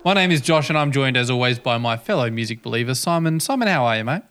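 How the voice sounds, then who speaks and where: A young man hosting a casual music podcast, chatty and animated, swearing and laughing easily. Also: mid-range voice, fast, smooth. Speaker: podcast host.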